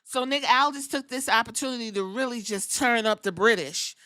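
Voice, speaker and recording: Sassy, bright-voiced woman podcast host. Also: fairly high pitch, fairly quick. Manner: profane, sassy, acts out quotes in voices. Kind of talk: casual wrestling recap.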